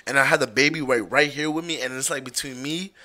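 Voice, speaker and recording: A young man co-hosting a podcast, slangy and animated, acting out little voices as he jokes. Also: mid-range voice, quick pace. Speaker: podcast co-host. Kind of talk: casual banter.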